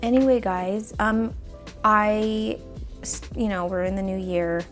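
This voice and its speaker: A woman's voice: mid-range voice, steady tone, slow, faint music behind. A young woman vlogging in casual chat as she repots plants at home, thinking aloud with lots of fillers and coughing now and then from dust, recorded on a phone nearby. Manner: rambling, chatty, thinks aloud with many fillers. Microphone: phone camera nearby.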